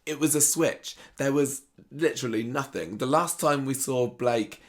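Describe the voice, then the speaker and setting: A man's voice: mid-range voice, moderate pace. A man co-hosting a casual chat show, wry and chatty. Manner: chatty, wry, full of restarts. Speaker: podcast co-host. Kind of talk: casual chat about a soap opera.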